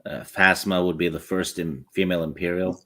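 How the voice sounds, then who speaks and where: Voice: sits low, steady tone, brisk, sharp tone. A co-host in a casual chat, chiming in with short remarks and fan trivia. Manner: brief interjections, fan trivia.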